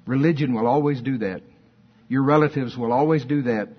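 A man's voice: mid-range voice, brisk, breathy edge. A man preaching a fervent sermon and reading scripture aloud, in a dull lo-fi recording.

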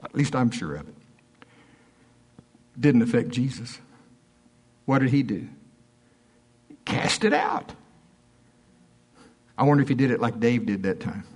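A man with a husky, slightly rough voice preaches a sermon. He tells stories and jumps up high in pitch to act out other people's words, then drops low and soft for asides. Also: normal speed, pauses often. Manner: storytelling preacher, swings between high animated quotes and low asides. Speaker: pastor.

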